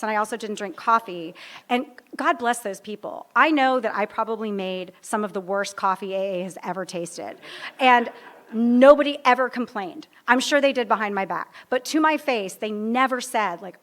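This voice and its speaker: A woman's voice: on the high side, normal speed, fairly bright tone. A woman in her fifties telling her own story to a live audience at a recovery meeting, humorous and self-deprecating, often wandering off track. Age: 50s. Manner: rambling, humorous, self-deprecating, easily sidetracked.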